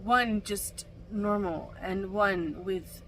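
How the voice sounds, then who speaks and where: A woman's voice: mid-range voice, very slow, a little hiss or hum. A young woman chatting in a casual vlog, rambling with many fillers and restarts. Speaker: vlogger. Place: camper van.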